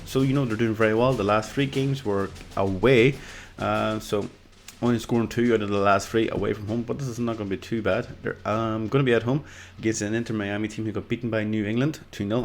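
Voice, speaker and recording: An Irish man talking through football predictions in a casual, rambling way, full of fillers and false starts. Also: lowish voice. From Ireland. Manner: rambling and hesitant, with many fillers and restarts. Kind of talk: casual solo commentary.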